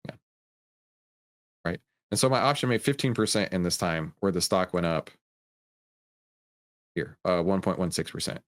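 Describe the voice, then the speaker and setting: Animated man coaching traders live. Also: low voice, normal speed, long pauses. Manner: animated, coaching, answers chat questions. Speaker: trading livestream host. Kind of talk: livestream Q&A with chat.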